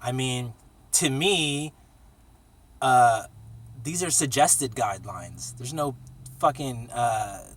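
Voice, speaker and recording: A man's voice: medium pitch, slow, long pauses, a bit bright, slightly rough, far from the mic. A man telling casual, profane stories in a rambling vlog from a small cramped space. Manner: profane, laid-back storytelling with sung jingle. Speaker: vlogger.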